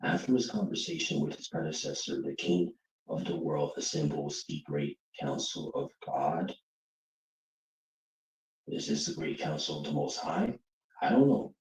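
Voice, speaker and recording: A man's voice: rumbling low, animated, unhurried, darkish tone, reverberant, far from the mic, rough recording. A man talking offhandedly in a played video clip, with a casual, hesitant manner.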